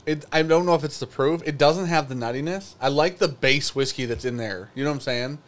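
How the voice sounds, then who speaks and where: A man's voice: a little high, fairly quick. A man co-hosting a live whiskey show, chatting casually in a loose, joking, rambling way. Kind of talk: casual live-stream chat.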